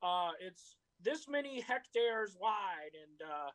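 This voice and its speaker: A person in a casual chat, joking and playful, with a medium-pitched voice. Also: lively intonation, takes it slowly, crowd noise, rough recording.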